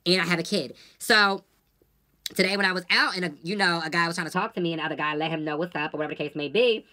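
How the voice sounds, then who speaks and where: A woman's voice: lowish voice, fast talker, pushed and bright. A woman vlogger venting casually to her viewers, blunt and profane, telling stories with lots of animation.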